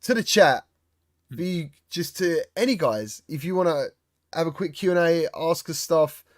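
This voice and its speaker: A middle-aged man hosting a podcast, chatting casually and telling animated stories. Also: a little high, normal speed, no echo, clean studio sound. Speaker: podcast host. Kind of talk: casual chat.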